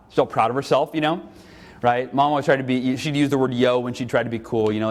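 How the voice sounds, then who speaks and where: A man from California giving a keynote talk to a live audience, telling stories in an animated way and acting out every voice. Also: medium pitch, fast. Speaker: motivational speaker.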